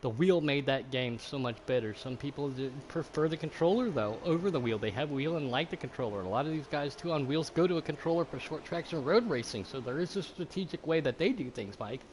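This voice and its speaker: Excitable male sim racing commentator. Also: a little high, fairly quick, hardly any pauses, a little hiss or hum. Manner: excitable, loud bursts; casual, curses freely. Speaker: race commentator.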